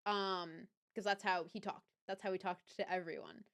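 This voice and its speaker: A young woman hosting a livestream with a Southern US accent, casually telling a personal story to her chat, chatty and animated, often correcting herself and laughing. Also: mid-range voice, moderate pace. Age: young adult. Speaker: livestream host.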